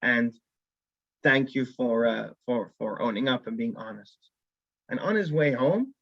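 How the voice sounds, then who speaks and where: A man's voice: medium pitch, unhurried, creaky, dry recording, dull audio. A man teaching a weekly Torah class as a rabbi, telling a story and acting out the characters' lines. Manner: animated storyteller who acts out characters' lines.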